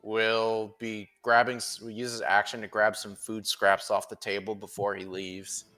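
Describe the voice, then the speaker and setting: A man narrating a tabletop game as game master, describing the action with lively, profane flair. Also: lowish voice, moderate pace.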